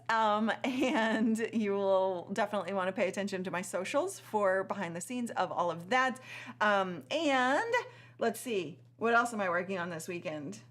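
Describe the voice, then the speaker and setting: A woman's voice: mid-range voice, fairly bright tone. A tired woman hosting a casual live stream, chatty, with frequent laughs and many fillers.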